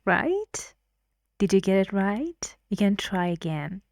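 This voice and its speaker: Slow, patient woman teaching pronunciation. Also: medium pitch, big pitch swings, dry recording, studio quality. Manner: slow, patient, often drops to a whisper; chants stress patterns in syllables. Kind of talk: online lesson with drills.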